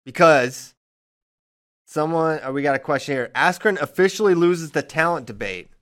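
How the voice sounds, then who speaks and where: A man's voice: on the high side, moderate pace, fairly bright tone. A man co-hosting a wrestling talk show in casual chat, full of teasing banter.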